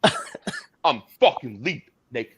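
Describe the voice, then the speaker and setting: A man's voice: medium pitch, animated, normal speed, husky, pitched below the performer's own voice. A man voicing an angry customer who curses at a gym front desk in heavy slang. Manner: loud, profane, aggressive street slang.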